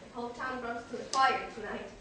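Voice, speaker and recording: A woman's voice: a little high, steady tone, fast talker, pushed and bright. A teenage girl acting a despairing young woman in a school play, often laughing hysterically through her lines. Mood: bitter gossip. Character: despairing young woman near twenty-four, restless. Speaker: student actor. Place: school theater stage. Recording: echoey stage, far mic, faint noise.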